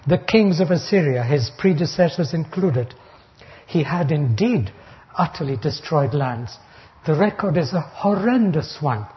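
Older male preacher, fairly high voice, emphatic verse-by-verse sermon, muffled lo-fi tape. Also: expressive, a little slow. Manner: emphatic, rising sharply on quoted taunts. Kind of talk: expository Bible sermon. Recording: dull lo-fi recording.

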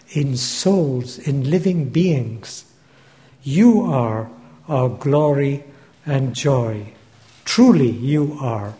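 Slow, dark-voiced preacher in a reverberant hall. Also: male voice, a little high. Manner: measured, deliberate, repeats key phrases for emphasis. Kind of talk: Bible teaching sermon.

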